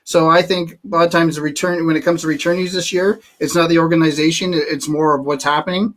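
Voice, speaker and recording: Halting middle-aged man talking hockey. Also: a little high, steady tone, a bit bright. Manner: halting, restarts, joking. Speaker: sports talk show host. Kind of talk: casual sports talk.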